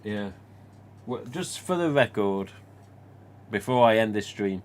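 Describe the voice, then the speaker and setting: A man chats on his own live stream, mid-pitched and easygoing. He rambles through stories and answers comments, with a bit of mild swearing thrown in. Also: animated, a little slow, darkish tone, a little hiss or hum. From England. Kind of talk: casual live stream chat.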